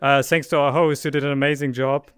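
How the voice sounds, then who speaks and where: Smooth-voiced man hosting a live stream. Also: mid-range voice, a little fast, dry recording. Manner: excited, rambling with fillers. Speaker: event producer. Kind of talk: casual live-stream talk. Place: virtual reality event, voice chat.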